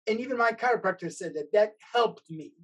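A woman host asks questions and tells her own stories, hesitating and restarting as she goes. Her voice has a husky edge. She talks at a middle pitch. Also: animated, brisk, dull audio. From Bosnia. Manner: hesitant, with many fillers and restarts. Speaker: interviewer, host. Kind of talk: conversational interview.

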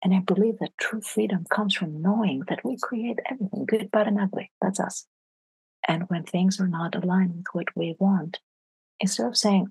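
A woman's voice: mid-range voice, moderate pace, vocal fry, darkish tone, husky, no echo, poor audio. A woman being interviewed as a leadership coach, talking earnestly in casual conversation and dropping to a near-whisper for emphasis.

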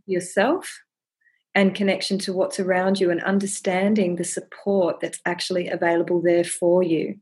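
A woman speaking as a podcast guest, sharing her practice in a gentle, earnest, reflective way and often repeating words as she thinks. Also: lowish voice, little pitch movement, normal speed, slightly rough. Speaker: podcast guest, ceremony holder.

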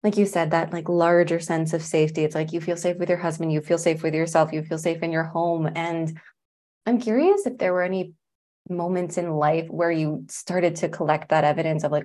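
A woman's voice: low-pitched, fairly even intonation, moderate pace, darkish tone. A woman hosting a podcast interview, talking in an effusive, casual way with some swearing. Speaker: podcast host.

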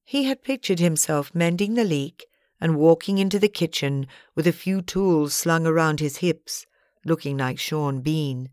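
A woman narrates an audiobook in a measured, even storytelling voice. Her voice sits low, and the recording is dry and close with no room echo. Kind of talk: scripted narration.

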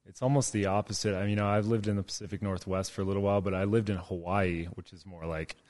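A man hosting a podcast, chatting in a relaxed way with lots of fillers. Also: low voice, fast, no room sound, studio quality. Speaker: podcast host. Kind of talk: casual podcast interview.

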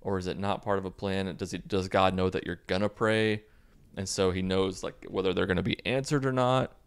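A man with a deep voice, rough with fry, talks through a movie plot in a casual, sarcastic way. His tone is smooth and clear, and he drops flat, deadpan asides with plenty of swearing. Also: brisk. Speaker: video host recapping a movie.

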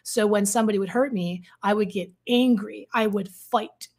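A woman's voice: mid-range voice, moderate pace, darkish tone. A woman coach speaking frankly and earnestly, telling a personal story with many fillers and restarts. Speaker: codependency coach.

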